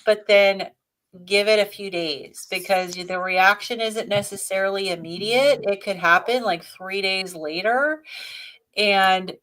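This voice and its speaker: A woman's voice: mid-range voice, measured pace, a bit bright. A woman co-hosting a live Q&A, explaining practical advice step by step in a casual, conversational way. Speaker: co-host. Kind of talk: live Q&A chat.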